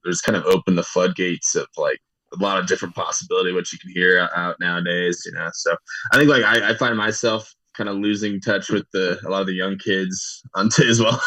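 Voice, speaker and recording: A man's voice: sits low, fairly quick, sharp tone, dry recording, rough recording. A young man, a guest on a radio show, answering casually and hesitantly with lots of "like" and "um". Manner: hesitant, filler-heavy with "like" and "um".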